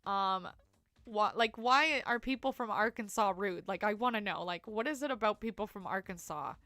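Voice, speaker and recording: A woman streamer with a bright, forceful voice, caught up close and dry with no room sound. She rambles through casual gameplay commentary, peppering everything with "like" and laughing often. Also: mid-range voice, normal speed, no room sound. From Canada. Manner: chatty, rambling, full of "like" fillers, laughs often.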